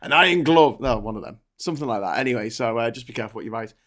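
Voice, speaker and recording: A man's voice: lowish voice, racing. A man hosting a casual political chat show, chatty and rambling, swearing and laughing as he goes. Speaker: host.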